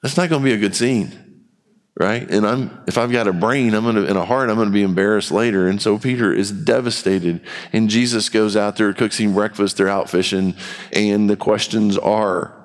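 A man's lowish voice, with fairly even intonation and normal speed, comes from a pastor preaching candidly and conversationally. The sermon takes place in a church sanctuary, recorded with long hall reverb.

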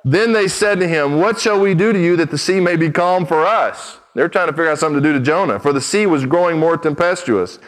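A male pastor delivering a sermon in a direct, emphatic way. He moves between reading scripture and speaking plainly to his listeners. His voice sits a little higher than most men's. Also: a little fast, hardly any pauses, low-quality recording. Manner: direct, emphatic preaching with conversational asides.

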